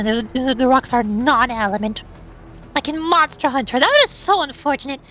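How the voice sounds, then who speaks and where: A woman's voice: sits high, a bit bright. A young woman streaming a game from home, chatting casually and bubbly, with lots of jokes and squeals.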